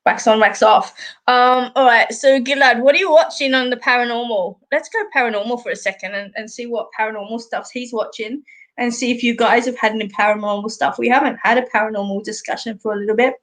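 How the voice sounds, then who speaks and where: A woman's voice: a little high, steady tone, quick pace, fairly bright tone. A middle-aged Australian woman hosting a live stream, chatting casually with viewers in a rambling way and laughing often. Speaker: host.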